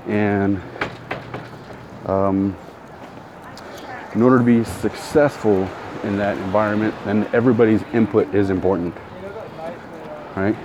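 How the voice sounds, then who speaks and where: A middle-aged man with a fairly low voice talks through his podcast while walking outside. He rambles, restarts sentences and breaks off to greet people. Traffic and street noise sit clearly behind him. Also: steady tone, measured pace, pauses often. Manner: rambling, self-correcting, greets passersby. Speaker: podcast host. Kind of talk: casual walking podcast monologue. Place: outdoors in a town, walking. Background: traffic and street sounds.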